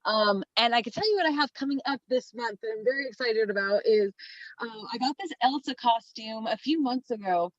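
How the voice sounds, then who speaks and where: A woman guest in casual podcast chat, bubbly and excitable, with frequent fillers. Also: on the high side, a little fast, dry recording. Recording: dull, dry lo-fi sound.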